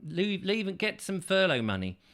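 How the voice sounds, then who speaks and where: A man's voice: high voice, very animated, normal speed, a bit bright. Rambling male chat-show host. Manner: rambling, joking, full of asides. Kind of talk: casual chat show reading viewer comments.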